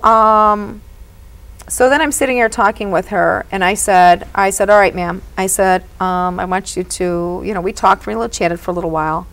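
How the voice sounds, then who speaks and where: A woman speaking as a psychic medium guest, telling stories in an animated, earnest way. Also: mid-range voice, vocal fry, poor audio. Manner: animated and earnest, often says "you know". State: emotional at moments. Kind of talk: storytelling in a conversation.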